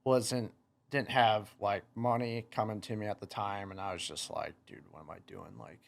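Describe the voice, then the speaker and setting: A man's voice: on the low side, fairly even intonation, normal speed, creaky. A young man in his twenties, a motocross racer, telling a story in a casual podcast chat, rambling with lots of "like" fillers and quoting himself. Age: 20s.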